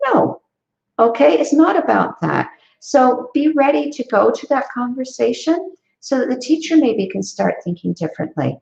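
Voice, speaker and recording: Earnest woman with a gravelly voice. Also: fairly high pitch, darkish tone. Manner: earnest, advising, with frequent fillers and restarts. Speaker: education company founder giving parenting advice. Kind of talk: live online Q&A talk. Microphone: video call. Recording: echoey, dull lo-fi sound.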